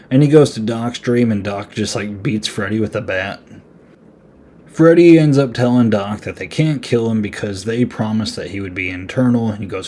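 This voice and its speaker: Low, mellow-voiced man rambling sarcastically. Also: moderate pace. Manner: rambling, heavy on fillers, sarcastic. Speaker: podcast host. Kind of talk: casual movie review.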